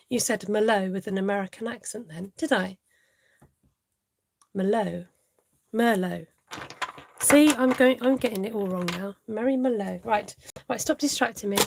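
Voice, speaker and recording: A woman's voice: fairly high pitch, darkish tone, a little hiss or hum. A woman hosting a live card-making tutorial, chatting to viewers and laughing often as she works.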